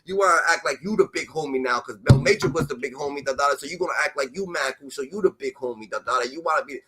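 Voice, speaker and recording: A man's voice: fairly high pitch, fast talker, a loud crowd. A man with a New York accent ranting heatedly and profanely about a rapper, peppering his talk with repeated "da, da, da" fillers. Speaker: streamer commentator. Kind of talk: heated reaction rant.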